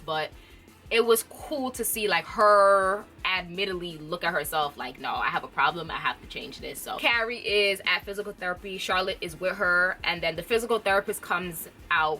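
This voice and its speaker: Female TV reviewer, casual and laugh-prone, bright clear tone, soft music bed. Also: fairly low pitch. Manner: chatty, laughs often, fills with "like". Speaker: TV show reviewer. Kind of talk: casual recap chat.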